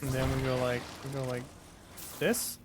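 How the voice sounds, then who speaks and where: A man's voice: mid-range voice, flat delivery, moderate pace, over loud music. A man streaming a video game, chatting playfully with his viewers and joking at the game. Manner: playful, talks to chat, jokey exclamations. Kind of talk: casual gameplay commentary.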